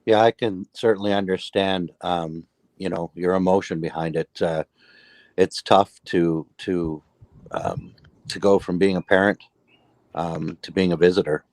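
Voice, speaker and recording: Low, dry-voiced man, measured, halting delivery, casual chat. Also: darkish tone, dry recording.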